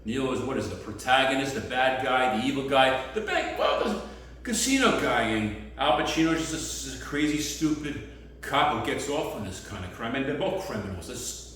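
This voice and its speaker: A man rambling through a loose stand-up routine out on the street, with sudden loud bursts. He is heard from a distance, in a very echoey space with faint background noise. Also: medium pitch, fairly quick. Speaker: street comedian. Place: outdoors on the street.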